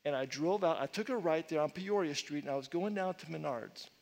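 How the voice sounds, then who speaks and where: A middle-aged male pastor preaching a sermon, telling stories with animated swings and sudden loud outbursts. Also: a little high, a little fast, gravelly. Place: church sanctuary with long reverb. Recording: reverberant church hall.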